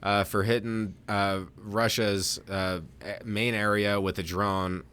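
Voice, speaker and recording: A man's voice: lowish voice, level tone, a bit bright, smooth. A man co-hosting a casual podcast, joking and often stumbling over repeated words. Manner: halting, repeats words, jokey. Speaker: podcast co-host. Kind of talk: casual chat.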